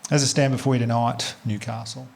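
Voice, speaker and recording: Fast-talking Australian stand-up comedian. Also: male voice, medium pitch, flat delivery, gravelly, darkish tone. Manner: fast storytelling with acted dialogue and swearing. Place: comedy club stage before a live audience.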